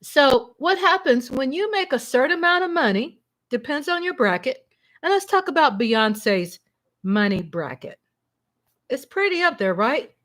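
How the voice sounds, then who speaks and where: A woman hosting a casual livestream from home, chatty and excitable, breaking into shouts and laughter. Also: sits high, a little slow. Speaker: livestream host.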